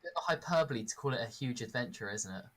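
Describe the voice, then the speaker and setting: A man's voice: mid-range voice, expressive, quick pace, fairly bright tone. A man chatting as a friend on a game stream, teasing and repeating words as he hesitates. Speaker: co-host friend. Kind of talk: casual chat on a game stream.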